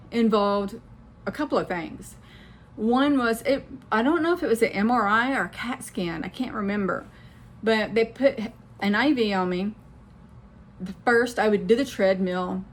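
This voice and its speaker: Middle-aged woman vlogger and medium, casual rambling storytelling, earnest, middle pitch. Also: slight background noise. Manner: rambling, earnest, repeats phrases for emphasis. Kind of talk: casual personal storytelling to camera.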